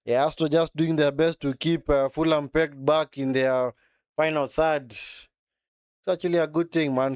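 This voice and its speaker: A fairly high, clean-toned male voice keeps a steady tone and a measured pace, recorded in clean studio sound with no echo. As a watchalong commentator for football, he chats casually, reacts live, and often tags on "man" or "eh."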